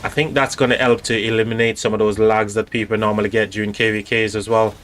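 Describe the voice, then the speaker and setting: A man with a lowish, fairly bright voice talks quickly and flatly while hosting a casual live stream, commenting on a strategy game. He rambles loosely, speaks directly to chat, and fills his talk with fillers and restarts.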